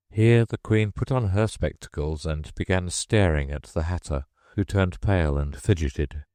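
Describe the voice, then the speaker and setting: A man's voice: deep voice, moderate pace, hardly any pauses, no room sound. A man reading a children's classic aloud as an audiobook narrator, telling it expressively. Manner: expressive storytelling. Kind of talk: scripted narration.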